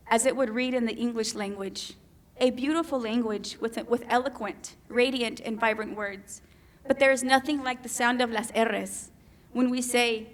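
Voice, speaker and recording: A woman from Mexico giving a keynote talk as spoken poetry, with a measured, lyrical delivery that savors each word. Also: on the high side, steady tone. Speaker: keynote speaker. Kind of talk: poetic spoken presentation. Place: conference hall.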